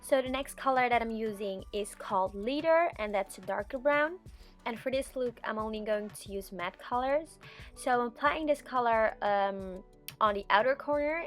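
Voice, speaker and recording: A young woman narrating a makeup tutorial as a voice-over, chatty and relaxed, with frequent ums. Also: mid-range voice. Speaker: beauty vlogger.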